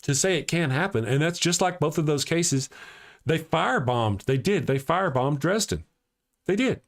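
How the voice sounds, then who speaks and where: A man's voice: on the high side, lively intonation, normal speed. A man hosting a live-streamed talk show, ranting heatedly and answering chat comments aloud from home.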